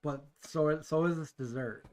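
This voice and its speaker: A man's voice: a little high, measured pace, a little mellow. A middle-aged man hosting a cooking stream, chatting playfully and teasing his friends in a home kitchen. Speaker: cooking show host. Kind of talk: casual chat on a live cooking stream.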